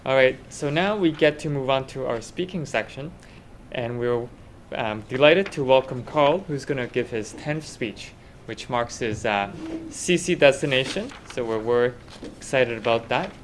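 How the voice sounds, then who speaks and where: A man's voice: medium pitch, normal speed, a little hiss or hum. A man hosting a club meeting. He thanks the last speaker and moves things along in an upbeat way, with fillers. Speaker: meeting host. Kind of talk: meeting emcee talk.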